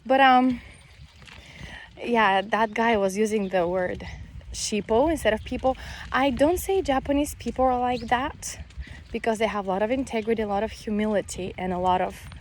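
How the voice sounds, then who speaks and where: Mom vlogging on a walk, bit out of breath, rambly, faint outdoor noise. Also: female voice, a little high, normal speed. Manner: chatty, rambling, with many fillers. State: a little out of breath. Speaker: vlogger, mother of five. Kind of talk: casual vlog talk while walking. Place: outdoors on a countryside road.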